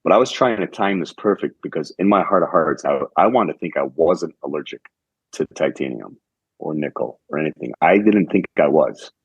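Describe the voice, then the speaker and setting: A young man with a very deep, low voice that has a husky edge, talking as a podcast guest. He tells his story earnestly and in order, often quoting what others told him. The sound is dry and a little dull, like a muffled remote recording. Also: lively intonation, moderate pace, no room sound. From Michigan, United States. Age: young adult. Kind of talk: conversational storytelling.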